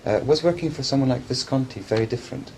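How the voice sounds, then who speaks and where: A man interviewing an actress, asking polite, measured questions. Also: mid-range voice, a little mellow, poor audio. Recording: old interview tape with faint hiss.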